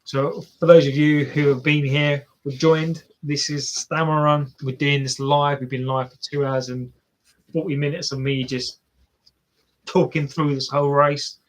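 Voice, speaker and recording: A man's voice: a little high, little pitch movement, measured pace. A man commentating casually on a marathon live for viewers, chatty and self-mocking as he cheers the runners on. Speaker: live race watch-along streamer.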